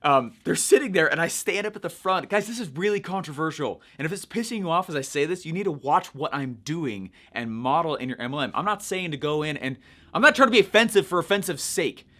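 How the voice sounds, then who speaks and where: Young guy coaching online, high-ish voice, upbeat and chatty, keeps asking "right?". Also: a little fast. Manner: energetic, chatty, frequent "right?" check-ins. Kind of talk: casual teaching monologue.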